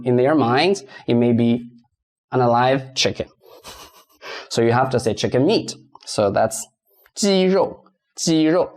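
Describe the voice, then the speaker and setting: A man with a Mandarin Chinese accent, a native Mandarin speaker, teaching a beginner pronunciation lesson and repeating each word slowly so learners can practice. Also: medium pitch, darkish tone.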